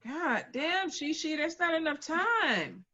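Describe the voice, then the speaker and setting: Bright animated woman chatting. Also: high voice, slow, highs cut off. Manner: animated storyteller, acts out quotes. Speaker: co-host. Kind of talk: casual chat.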